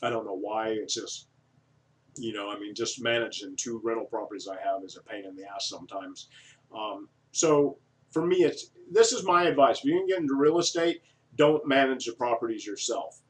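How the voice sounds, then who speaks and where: A man's voice: fairly low pitch, moderate pace. A man vlogging in a casual, digressive monologue, folksy and full of fillers. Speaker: vlogger reviewing an online business offer. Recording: voice from a distance from the mic.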